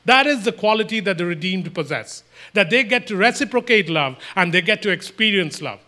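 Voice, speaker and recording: Male preacher, voice on the higher side, emphatic, sermon delivery. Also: animated, brisk, sharp tone. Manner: emphatic, repetitive, voices imagined exchanges.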